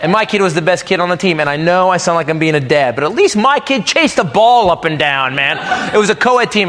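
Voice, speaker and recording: A man's voice: sits high, lively intonation, brisk, few pauses, big-room sound. A man performing a crude stand-up comedy set, ranting brashly to a live audience. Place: comedy club stage before a live audience. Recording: live club recording, loud crowd and noise.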